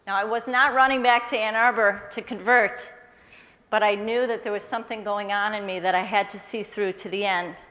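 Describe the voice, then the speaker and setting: A woman telling a personal faith testimony to an audience, earnest and measured, quoting the people in her story. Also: mid-range voice, fairly even intonation, pushed and bright, big-room sound, highs cut off. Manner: earnest, measured storyteller who quotes others in her tale.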